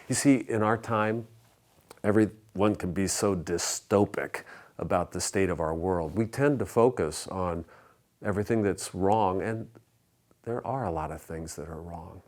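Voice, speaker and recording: Deep-voiced man preaching a sermon. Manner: measured preaching with soft, hushed repeated refrains. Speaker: pastor. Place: church sanctuary.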